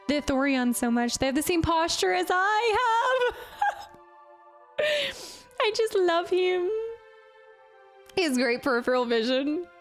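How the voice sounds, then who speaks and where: A young woman streaming a game talks chattily and giggles as she plays and reads out her chat. Her voice sits high, with quiet game music running underneath. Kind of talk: live gameplay commentary.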